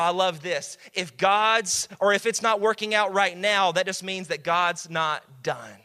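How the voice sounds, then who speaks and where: A pastor preaching a sermon, calling out to the congregation and building to shouts. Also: male voice, sits high, a little slow, hardly any pauses.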